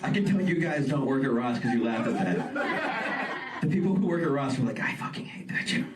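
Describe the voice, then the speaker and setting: A young man doing a stand-up comedy set on stage, self-deprecating and animated. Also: mid-range voice, brisk, a loud crowd, very noisy. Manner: self-deprecating, animated, slips into quoted voices. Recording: echoey room from far off, loud audience laughter.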